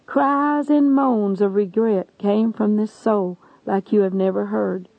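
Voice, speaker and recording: A woman's voice: medium pitch, fairly even intonation, takes it slowly, vocal fry, dry recording. A woman preacher giving an earnest, imploring testimony sermon. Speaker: evangelist. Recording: dull lo-fi recording.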